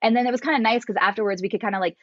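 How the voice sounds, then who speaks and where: A woman's voice: fairly high pitch, very fast, fairly bright tone, dry recording, dull audio. A woman guest casually telling a story, acting out quotes and laughing often. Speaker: podcast guest.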